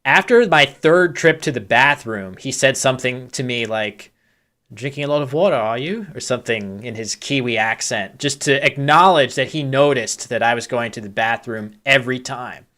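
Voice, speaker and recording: A man calls a live tournament like he's chatting with friends watching at home. His voice is bright and forward, with a middling pitch. He drifts into candid, joking side stories and pokes fun at himself. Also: moderate pace, few pauses. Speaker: tournament commentator. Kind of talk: live game commentary, casual chat.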